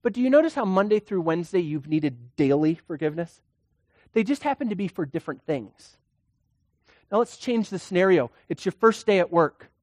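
A preacher delivers a sermon in a conversational manner, full of rhetorical questions and acted-out quotes. The voice sits at a middle pitch. The sound is dry and close. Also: lively intonation, normal speed, a little mellow, no room sound.

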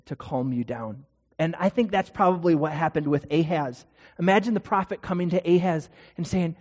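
A male pastor with a slightly high, darkish voice preaches briskly in a conversational style, often putting rhetorical questions to the congregation. A long hall reverb surrounds the recording.

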